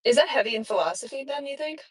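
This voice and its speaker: A woman's voice: sits high, expressive, fast talker, poor audio. A woman in a casual discussion, asking questions hesitantly with frequent likes and ums.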